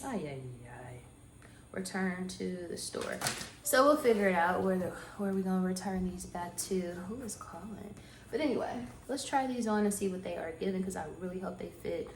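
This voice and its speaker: A young woman chatting casually in her vlog, excitable and quick to squeal and gasp. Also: mid-range voice, background noise. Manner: chatty and excitable, squeals and gasps when thrilled. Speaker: vlogger.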